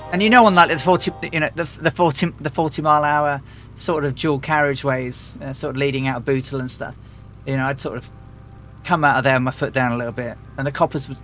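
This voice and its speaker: A man's voice: fairly high pitch, fairly bright tone. A man from England, chatting casually as a livestream host, rambling with lots of fillers and restarts. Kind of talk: casual chat.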